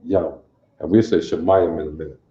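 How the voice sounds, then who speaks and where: A man's voice: very deep voice, steady tone, moderate pace, warm tone, roomy sound, dull audio. A man from teaching a livestreamed Bible class, quizzing his listeners and repeating phrases over and over to drill them. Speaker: religious teacher.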